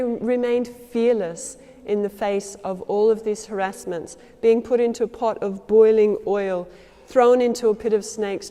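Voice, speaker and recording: A woman telling a devotional story as a sermon, acting out the lines of its characters with changes in loudness and pace. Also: medium pitch. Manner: acts out quoted lines with shifts in loudness and pace. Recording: long hall reverb.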